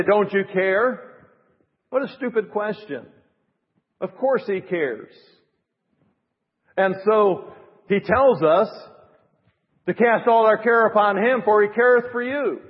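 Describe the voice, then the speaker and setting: A middle-aged man preaching a sermon as pastor, building to emphatic rising phrases and dropping to soft asides. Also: high voice. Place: church. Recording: reverberant, dull church recording.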